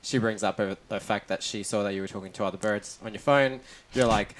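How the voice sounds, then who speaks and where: A man in his thirties chats on a podcast, his voice sitting a little low. He speaks reflectively, often circling back and restarting as he tells a story from his life. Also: brisk, few pauses, slight background noise. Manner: reflective, storytelling with repeated starts. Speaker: podcast host. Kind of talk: casual chat.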